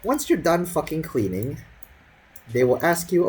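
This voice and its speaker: Husky young man ranting sarcastically. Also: on the high side, big pitch swings, a little slow, rough recording. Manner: profane, sarcastic, rambling with many fillers. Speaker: vlogger telling a school story. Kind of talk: casual storytelling rant.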